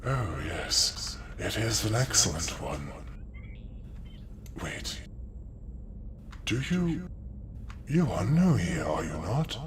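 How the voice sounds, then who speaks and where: A man voicing a huge talkative male ooze with a humanoid face, speaking slowly and eagerly as a telepathic storyteller. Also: fairly low pitch, sing-song, background noise, voice pushed down. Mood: curious.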